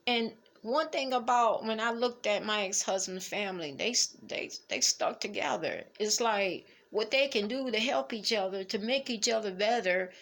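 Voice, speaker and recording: A middle-aged woman, speaking haltingly and emotionally as she reflects on family in a personal vlog. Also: mid-range voice, a bit bright. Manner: emotional, halting, fighting back tears. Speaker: vlogger.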